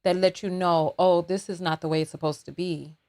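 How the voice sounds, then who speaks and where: A woman's voice: lowish voice, fairly even intonation, brisk, dark tone, slight background noise. A woman hosting a call-in show who asks probing questions and presses her point with insistent repetition. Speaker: host.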